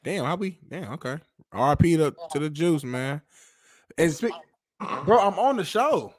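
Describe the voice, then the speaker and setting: A man's voice: fairly high pitch, animated, moderate pace, no echo, studio quality. A male co-host on a talk show, speaking laid-back and street-wise. He swears casually and keeps an easy, informal rhythm.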